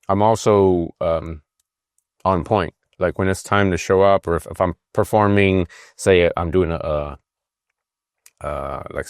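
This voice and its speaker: Low voiced guy in his 50s musing on his podcast, lots of ums, dry sound. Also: no echo. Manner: emotional, rambling, frequent fillers and restarts. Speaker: podcast host. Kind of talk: casual reflective monologue.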